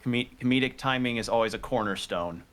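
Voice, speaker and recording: A man's voice: mid-range voice, fairly quick, fairly bright tone. An American man with an American accent, chatting casually on a stream in a jokey, rambling way. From United States. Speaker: stream co-host.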